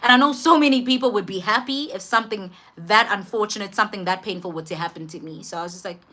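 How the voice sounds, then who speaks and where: Young south african woman doing a storytime vlog, bright forceful voice, emphatic, repeats herself for effect. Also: mid-range voice, quick pace. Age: young adult. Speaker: vlogger. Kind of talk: emotional personal storytime.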